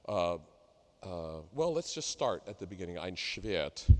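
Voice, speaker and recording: A middle-aged man coaching a singer in a masterclass, talking haltingly with many fillers and sung demonstrations. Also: low voice, very animated. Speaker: vocal coach leading a masterclass. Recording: reverberant hall.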